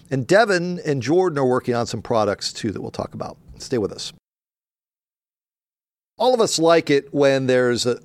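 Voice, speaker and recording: A man's voice: medium pitch, no echo. A middle-aged man hosting a sports talk show, riffing casually with laughs and mocking voices. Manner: animated, laughing, mock voices for emphasis. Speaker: sports radio host.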